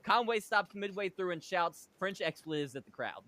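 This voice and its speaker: A man's voice: high-pitched, lively intonation, moderate pace, bright, forceful tone. A man hosting a podcast, casually narrating a made-up wrestling show and laughing at his own jokes. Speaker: podcast host.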